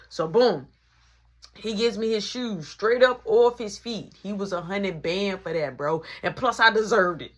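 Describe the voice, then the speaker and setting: A woman telling a story in a casual storytime monologue, animated and full of sound effects. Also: measured pace. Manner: animated, punctuates with sound effects like boom and boop.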